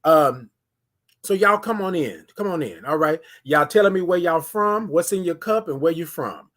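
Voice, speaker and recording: A man from Houston hosts a casual morning live stream. His voice sits a bit higher than most men's, and he keeps coaxing his viewers with repeated, sing-song call-outs. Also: animated, moderate pace, a bit bright. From Houston, Texas.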